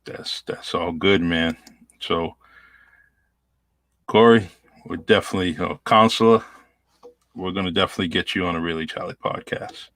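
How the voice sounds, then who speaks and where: A man hosting a podcast, talking in a relaxed, halting way with fillers. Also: low voice, dry recording. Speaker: podcast host. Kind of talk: casual chat.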